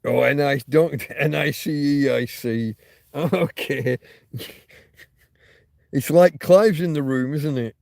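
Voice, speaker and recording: A man hosting a loose, rambling livestream and chatting to his viewers. He rants and swears freely and trips over restarts and repeated words. His voice is dark and mellow, recorded close in a dry, dead-sounding room. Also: on the high side, takes it slowly, creaky, pauses often, dry recording. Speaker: livestream host. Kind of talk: casual rambling livestream chat, reading viewer comments.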